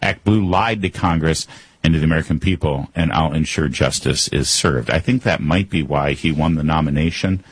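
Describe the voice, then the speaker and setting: Deep husky-voiced male commentator. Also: normal speed, dry recording. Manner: sarcastic, emphatic, rhetorical. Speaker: commentary host. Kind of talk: political commentary.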